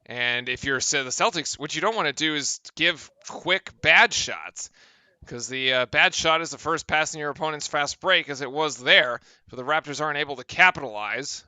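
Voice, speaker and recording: Bright, crisp-voiced basketball play-by-play man. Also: fairly high pitch, dry recording. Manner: brisk, excited calls of the action. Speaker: play-by-play commentator.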